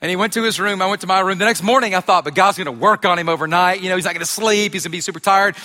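Pastor guy preaching, high bright voice, casual storytelling, big echoey hall. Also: rapid-fire. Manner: conversational storytelling with self-deprecating humor. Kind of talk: sermon. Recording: reverberant hall.

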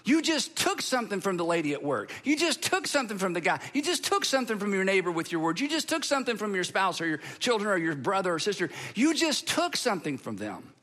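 A man preaching a sermon to a live audience, emphatic, slowing to drawn-out pauses and breaking into lively bursts. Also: sits high. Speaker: pastor.

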